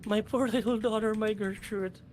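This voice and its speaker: Man voicing a distraught mother, high, tearful, halting, pleading. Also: steady tone, natural voice. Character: distraught grieving mother, a woman.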